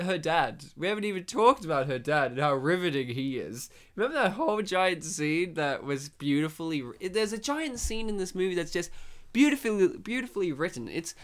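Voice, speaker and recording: A man hosting a casual film discussion, rambling and playful and teasing his co-hosts. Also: a little high.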